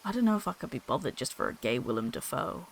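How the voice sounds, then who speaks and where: A woman with a very deep, gravelly voice talks fast and very animatedly while casually chatting on a game stream. Using an old desktop mic, she comes across bubbly, laughing often and swearing freely.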